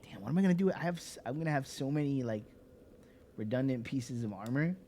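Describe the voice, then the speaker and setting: A man's voice: mid-range voice, expressive, fast, warm tone, slight background noise. A man streaming a game, chatting in a laid-back way and muttering at what is on screen. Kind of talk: casual chat while gaming.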